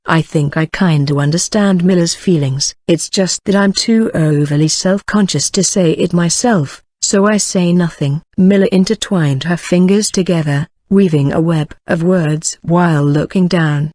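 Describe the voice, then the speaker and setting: A text-to-speech voice reading a fantasy novel in first person, in an even, measured way. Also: medium pitch, no room sound, studio quality. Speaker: audiobook narrator.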